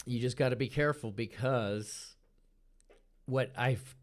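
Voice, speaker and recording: A man of medium pitch hosts a live trading stream at an unhurried pace. He chats casually and relaxed while pointing at charts, often repeating a word for emphasis.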